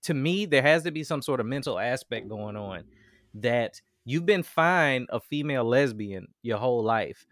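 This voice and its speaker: Animated podcast co-host, man. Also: mid-range voice, normal speed, no echo, clean studio sound. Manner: animated, frank, swearing. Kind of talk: casual chat.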